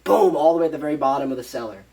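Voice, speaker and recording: A man on a podcast casually retelling a movie plot, rambling and animated, acting out the characters' lines and swearing freely. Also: on the high side, rapid-fire, gravelly, far from the mic, poor audio. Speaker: podcast co-host.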